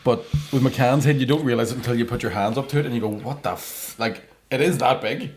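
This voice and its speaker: A young man with a Northern Irish accent hosts a comedy podcast. He tells stories at a brisk clip, full of swearing and banter. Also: medium pitch, a little hiss or hum. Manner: rapid storytelling with crude banter. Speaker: podcast host. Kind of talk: casual comedy chat.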